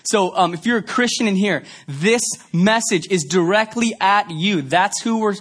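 A man's voice: sits high, moderate pace, fairly bright tone. A man from Canada giving a conversational sermon in a church, telling stories with many fillers. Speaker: pastor. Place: church sanctuary.

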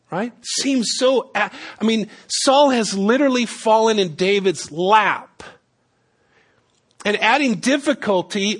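A man's voice: high voice, fairly bright tone. A middle-aged man, a pastor, preaching a conversational sermon with humorous asides and storytelling.

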